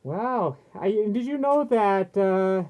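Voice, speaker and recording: A woman's voice: medium pitch, lively intonation, slow pace, warm tone. A woman casually reading history facts aloud, stumbling over names and laughing often. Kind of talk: casual chat reading from screen. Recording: tinny phone-like sound.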